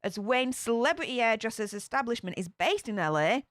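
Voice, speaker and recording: A woman's voice: fairly high pitch, expressive, fairly quick, fairly bright tone, no echo, studio quality. A woman hosting a casual true crime commentary, chatty and speculative, with filler-heavy asides. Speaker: true crime channel host.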